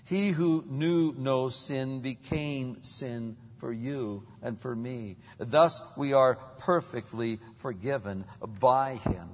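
A man with a husky voice preaching a sermon as pastor, swinging from loud, rising exclamations to hushed low asides and throwing rhetorical questions at the congregation. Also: slow pace, hardly any pauses. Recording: dull, long-reverb hall sound.

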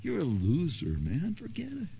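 A man's voice: sits high, sing-song, measured pace, pushed and bright, dull audio, slight background noise, pitched above the performer's own voice, full character voice. A man voicing a mocking tempter spirit in a sermon, scornful and taunting.

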